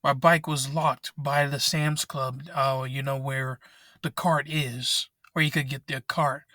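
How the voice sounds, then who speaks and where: A man's voice: mid-range voice, flat delivery, measured pace, bright, forceful tone, dry recording, studio quality. A young man angrily venting and swearing in a rant vlog, recorded in his parked car on a laptop microphone. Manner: angry, frustrated, swearing often. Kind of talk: ranting vent vlog.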